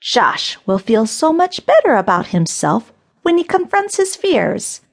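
A woman voicing a sly, cruel witch who speaks slowly, in a menacing, mock-gentle way. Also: sits high, sing-song, voice pushed up, heavily acted.

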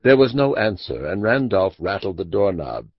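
A man narrating a classic mystery audiobook in a measured, expressive storytelling manner. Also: low voice, no room sound. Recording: dull dry lo-fi audiobook recording.

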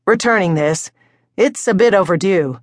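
A woman's voice: mid-range voice, lively intonation, normal speed, dry recording, clean studio sound, lightly acted. A woman narrator voicing a charming, cheeky grown man who talks in a teasing, sing-song way.

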